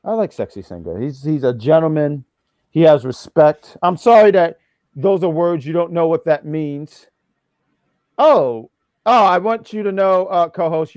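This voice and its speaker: A man's voice: a little high, a little mellow, no room sound. A man hosting a casual wrestling review show, teasing his co-host playfully. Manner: playful teasing, lots of fillers. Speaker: podcast host.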